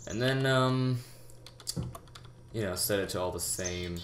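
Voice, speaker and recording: A young man giving a rambling, halting game tutorial, full of fillers and restarts, talking as if out of breath. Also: on the low side. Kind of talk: casual gameplay tutorial. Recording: echoey room with loud background noise. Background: keyboard typing and mouse clicks.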